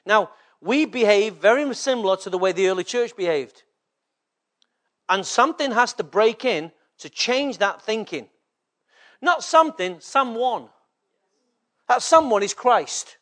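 A man's voice: sits high, animated, normal speed, fairly bright tone. A man from England preaching a sermon as a pastor, often checking in with the congregation through short rhetorical questions.

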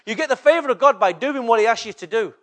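A man's voice: very high voice, animated, fast, fairly bright tone. A man from England preaching a sermon as a pastor, often checking in with the congregation through short rhetorical questions.

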